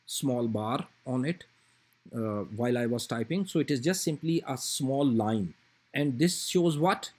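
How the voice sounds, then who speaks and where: Male lecturer, mid-pitched and a little husky, patient recorded-lecture delivery. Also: darkish tone. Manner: patient explaining with fillers and repeated examples.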